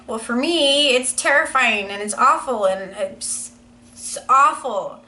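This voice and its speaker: A woman's voice: on the high side, expressive, slow pace, bright, forceful tone, poor audio. A woman in her thirties talking to camera in a casual personal vlog, earnest and rambling, with many "you know" fillers. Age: 30s. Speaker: vlogger.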